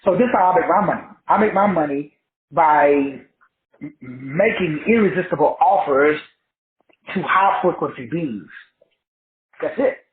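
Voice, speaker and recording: A high-voiced man lectures his class in a preachy, repetitive, colloquial way. The sound is tinny and narrow, as if over a phone line. It rings in an echoey room. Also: animated, a little slow, pauses often, slight background noise. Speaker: online teacher and host. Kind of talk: motivational lecture.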